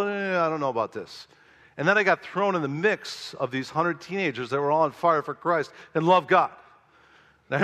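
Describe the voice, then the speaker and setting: A man from Chicago delivers a sermon in a bright, forceful voice that sits a little high for a man. He tells his stories with animated emphasis and acts out his own thoughts. His voice rings through a hall with a long reverb. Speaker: pastor.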